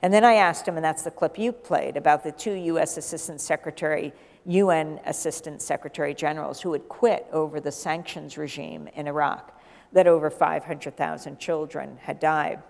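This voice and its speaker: Gravelly woman telling a story in a reverberant hall. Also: low voice, normal speed. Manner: lively anecdote-telling, acting out the dialogue. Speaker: journalist guest. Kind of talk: onstage conversation, storytelling.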